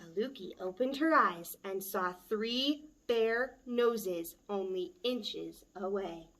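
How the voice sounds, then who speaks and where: A woman, a children's librarian, reading a picture book aloud at story time with a gentle, expressive manner. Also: medium pitch, slow.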